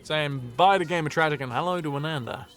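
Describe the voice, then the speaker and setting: A man's voice: a little high, brisk, a bit bright. Jokey man streaming a game. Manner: jokey, chatty, thanks viewers. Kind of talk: casual livestream commentary. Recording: faint game music behind.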